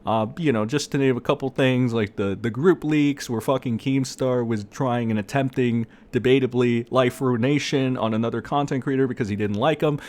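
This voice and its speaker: A man's voice: mid-range voice, moderate pace, hardly any pauses, a little mellow. A man ranting as an online commentator, sarcastic and profane, who often breaks into laughter.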